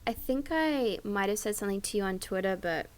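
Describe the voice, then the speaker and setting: A woman's voice: mid-range voice, animated, brisk. A woman cohosting a podcast, chatting in a hesitant, rambling way. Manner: hesitant, rambling, with many fillers and restarts. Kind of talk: casual podcast chat.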